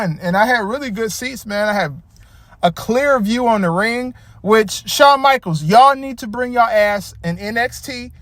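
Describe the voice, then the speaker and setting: A man's voice: very high voice, fairly bright tone, no echo. A man from the Detroit area giving a casual, profane, rambling rant about a wrestling show. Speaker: wrestling commentator.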